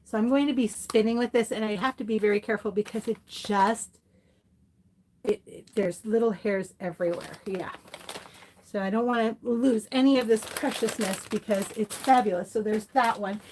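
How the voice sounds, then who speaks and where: A middle-aged woman with a slightly high voice, talking casually to her viewers as she shows off yarn and fiber. She gushes over each piece and wanders into chatty asides, filling gaps with ums. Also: fairly even intonation, normal speed, a little mellow, a little hiss or hum. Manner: gushing and chatty, with fillers and asides. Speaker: fiber crafts vlogger. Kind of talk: casual yarn haul chat.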